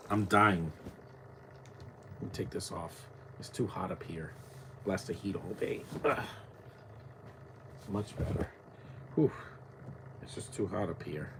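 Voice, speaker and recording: A man's voice: on the low side, fairly bright tone, slight background noise. A man giving casual live movie commentary at home, rambling with frequent restarts and self-corrections. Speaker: film commentator.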